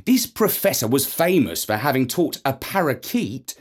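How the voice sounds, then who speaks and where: A man narrating a storybook in an expressive, playful reading. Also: mid-range voice, moderate pace.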